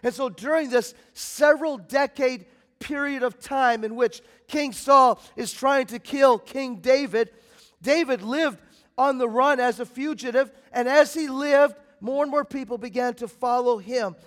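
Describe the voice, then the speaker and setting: A man preaching a sermon as pastor, swinging between loud emphatic bursts and quiet, low passages. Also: unhurried. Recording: long hall reverb.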